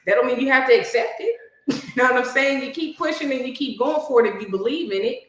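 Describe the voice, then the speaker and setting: A woman's voice: high voice, fast. Woman guest in a very echoey room. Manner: conversational, reflective, many "you know"s. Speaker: podcast guest, cybersecurity professional. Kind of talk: casual chat.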